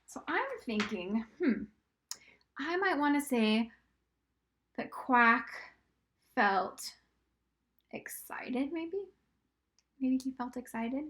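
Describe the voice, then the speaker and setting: A woman teaching a recorded reading and writing lesson to young children, patient and encouraging, sounding out words slowly and sometimes dropping to a whisper. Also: high-pitched, animated, a bit bright.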